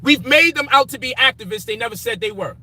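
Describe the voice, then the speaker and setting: Heated, high-voiced man ranting. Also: expressive, quick pace, bright, forceful tone. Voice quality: profane, emphatic, heated. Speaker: commentator. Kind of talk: frustrated personal rant.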